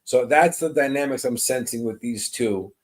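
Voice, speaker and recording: A man working as a medium on a live stream, greeting viewers by name and describing spirit messages in a soft, reassuring way. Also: mid-range voice, moderate pace, low-quality recording.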